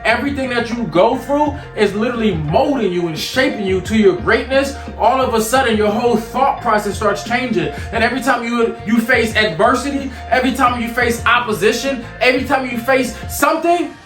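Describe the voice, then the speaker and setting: High-voiced energetic motivational speaker man. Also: a little fast, few pauses. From York, Pennsylvania. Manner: energetic and preachy, with teasing banter. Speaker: motivational speaker and show host. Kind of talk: casual motivational talk while cooking. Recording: echoey room, mic at a distance, music underneath.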